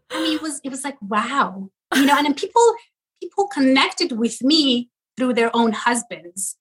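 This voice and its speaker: Iranian woman, 40s, guest; high-ish, bright, lively storyteller who laughs a lot. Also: unhurried, poor audio. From Iran. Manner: animated storytelling, laughs often, many fillers. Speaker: guest, content creator. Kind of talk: casual interview chat.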